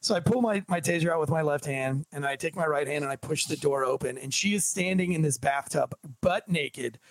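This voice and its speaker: A man who is a police officer, telling a story on a podcast in a casual, animated and joking way. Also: fairly high pitch, fairly quick, no echo. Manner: animated, jokey storyteller, acts out dialogue.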